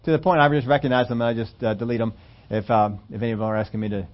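A man's voice: mid-range voice, fairly even intonation, racing, lo-fi sound. A man preaching a sermon to his church, reading scripture aloud and breaking off into rambling asides. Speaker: pastor.

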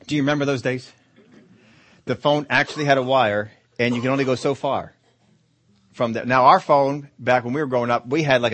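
A middle-aged man preaching a sermon in a lively storytelling way, often asking his listeners questions. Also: a little high, no echo.

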